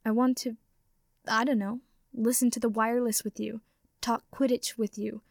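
A woman's voice: a little high, flat delivery, normal speed, vocal fry, dry recording, studio quality. A woman reading the lines of an earnest, affectionate young wizard man, sincere and pleading.

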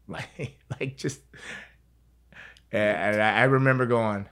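A man's voice: mid-range voice, fairly even intonation, slow pace, a bit bright. A man telling a story as an interview guest, in a casual, rambling way, repeating words and swearing freely.

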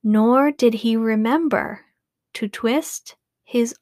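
A woman reading a children's storybook aloud, slow and careful. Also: fairly high pitch, a little mellow, dry recording, clean studio sound. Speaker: audiobook reader.

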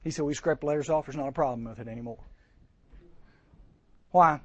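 A man preaching a sermon to teens, lively and joking, acting out voices and asking the crowd questions. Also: fairly high pitch, brisk, lo-fi sound. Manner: lively, acts out voices, jokes, rhetorical questions. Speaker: camp speaker.

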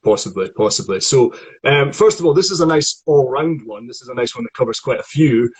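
A man's voice: medium pitch, lively intonation, fairly quick, a little mellow, slightly rough, rough recording. A man leading a voice lesson, guiding a student through tongue and articulation exercises and demonstrating the sounds himself. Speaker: voice coach. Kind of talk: guided vocal warm-up lesson.

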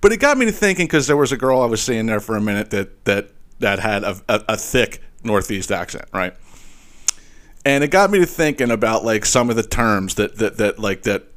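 Rambling, cursing podcast host, slight Philly accent. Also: male voice, lowish voice, fairly quick. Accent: slight Philadelphia. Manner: rambling, animated, frequent profanity and restarts. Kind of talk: casual profane monologue.

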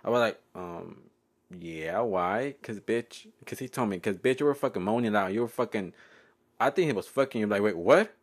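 A man's voice: on the low side, animated, quick pace. Giggly young man. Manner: playful, giggly, code-switching, often loud and laughing. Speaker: podcast host. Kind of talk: casual solo podcast storytelling.

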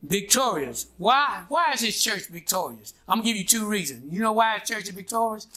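A man's voice: high-pitched, very animated, brisk, pushed and bright. A man preaching a sermon in a call-and-response style, prodding his congregation with "what?" and "huh?" and waiting for them to answer. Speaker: pastor.

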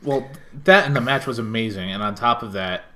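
A man's voice: lowish voice, a little fast, sharp tone. A man from Connecticut co-hosting a casual podcast chat, sarcastic and rambling, swearing often. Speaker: podcast co-host.

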